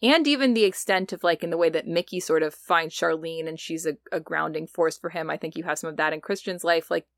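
A woman's voice: sits low, a little fast, few pauses, no room sound, studio quality. A woman co-hosting a podcast in casual chat, thoughtful and analytical, full of "like" and "you know". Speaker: podcast co-host.

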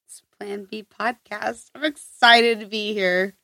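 A woman's voice: mid-range voice, fairly even intonation, unhurried, bright, forceful tone, no echo. Woman, podcast guest, playful, self-mocking, tipsy, dry close sound. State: tipsy from tequila. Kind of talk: casual podcast chat.

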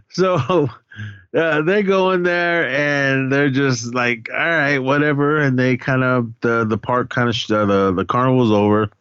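A man's voice: mid-range voice, steady tone, a little slow, fairly bright tone, smooth, no room sound, muffled recording. A man casually recapping a horror movie with a co-host, rambling and profane, often laughing and acting out lines.

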